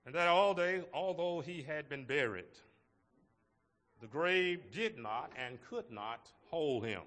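Male pastor, sermon, slow deliberate delivery, fairly high voice, leans hard on key words. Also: animated, a bit bright, long reverb tail. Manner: slow, measured preaching with emphatic rises on key words.

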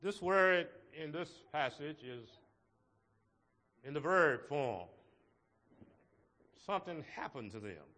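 A man preaching a sermon to his congregation in a slow, measured way, with emphatic rises on key words. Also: fairly high pitch, animated, sharp tone, big-room sound. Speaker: pastor.

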